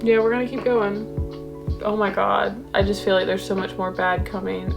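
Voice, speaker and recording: A young woman talks through a book in a casual vlog, her voice at an ordinary middle pitch. She gushes, frets and swears as she reacts. Music plays clearly behind her. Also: fairly even intonation, moderate pace. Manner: emotional, swearing, gushing. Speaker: book vlogger.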